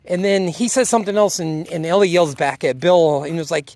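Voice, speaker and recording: In a medium-pitched, darkish voice and a slightly quick pace, a video reviewer gives a casual spoken recap of a TV episode. He voices the characters' lines, wanders, and sometimes loses track, with no echo on the recording.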